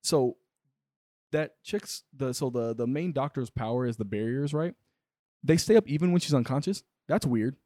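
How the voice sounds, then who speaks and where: A man's voice: mid-range voice, lively intonation, moderate pace, dark tone, no room sound, studio quality. A man co-hosting a casual comedy podcast, rambling and laughing often as he jokes. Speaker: podcast co-host.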